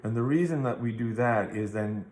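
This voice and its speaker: A man's voice: mid-range voice, normal speed, a little mellow, reverberant. A man teaching a guitar theory lesson, explaining patiently step by step and checking in with the listener. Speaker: music teacher.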